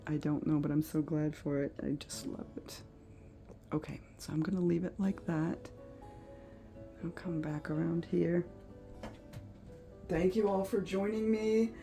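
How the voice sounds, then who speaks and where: Giggly, awestruck woman, low and mellow. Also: vocal fry. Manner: gushing, giggly, easily awed. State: tired late at night. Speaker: art vlogger. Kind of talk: casual chat to viewers.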